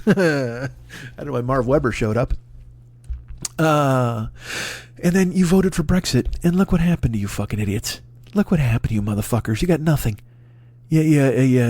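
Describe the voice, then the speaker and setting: A man's voice: medium pitch, a little mellow, dry recording. A man comedian with an American accent doing a rambling, profane comic rant. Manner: profane, rambling, riffing with impressions. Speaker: comedian host.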